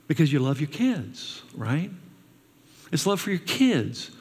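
A man's voice: on the high side, very animated, takes it slowly, a little mellow, slightly rough. A man preaching a sermon as a pastor, telling stories and asking his listeners rhetorical questions. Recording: long reverb of a large hall.

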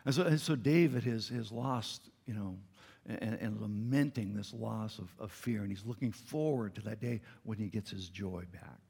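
Middle-aged male pastor, sermon, gravelly husky voice, long church reverb. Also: lowish voice, normal speed, a little mellow. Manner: earnest, conversational preaching with light humor. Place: church sanctuary.

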